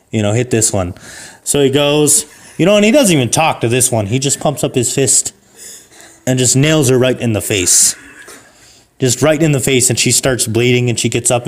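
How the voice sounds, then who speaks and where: A man improvising a comic story on a podcast, rambling with fillers and restarts, and jumping to a shrill falsetto for old ladies. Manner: rambling, with fillers and self-corrections. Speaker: podcast co-host.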